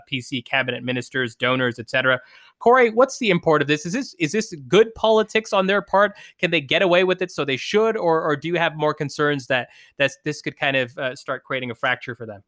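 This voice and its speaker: A Canadian man moderating a podcast, asking lively, halting questions. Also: medium pitch, dry recording, studio quality.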